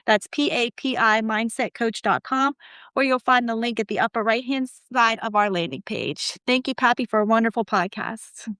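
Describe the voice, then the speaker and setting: Upbeat lady co-host doing the wrap-up, clear higher voice, dry sound. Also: moderate pace, a bit bright, no room sound. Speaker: podcast co-host.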